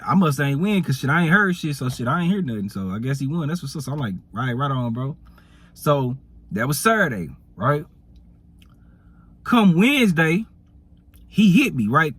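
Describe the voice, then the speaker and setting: Brief: man, storyteller, husky voice, slangy, rambling, acts out the dialogue. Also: a little high, animated, moderate pace, a bit bright. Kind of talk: casual storytime.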